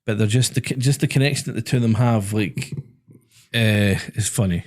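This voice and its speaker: A man's voice: lowish voice, brisk. Scottish man, chatty podcast host. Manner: chatty storyteller, laughs at his own stories. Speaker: podcast host and driving instructor. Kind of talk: casual chat. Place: small podcast studio.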